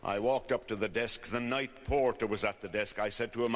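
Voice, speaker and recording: A man telling folksy jokes and stories, putting on lively voices for the people in them. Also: medium pitch, moderate pace, few pauses. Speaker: comedian. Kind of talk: recorded stand-up storytelling. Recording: long hall reverb.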